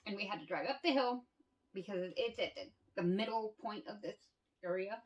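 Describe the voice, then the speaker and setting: A woman's voice: mid-range voice, normal speed, far from the mic, dull audio. A woman telling stories in a candid casual monologue, swearing freely and laughing often. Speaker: vlogger.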